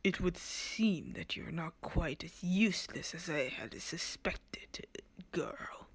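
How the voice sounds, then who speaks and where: A woman voicing a cold, contemptuous male lord who speaks in a low, sneering whisper. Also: lively intonation, slow pace, slightly rough, heavily acted.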